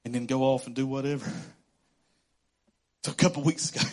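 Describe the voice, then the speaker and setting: A man preaching a casual, conversational sermon as a pastor, animated and quick to laugh. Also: mid-range voice. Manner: animated, conversational, laughs often, acts out quotes.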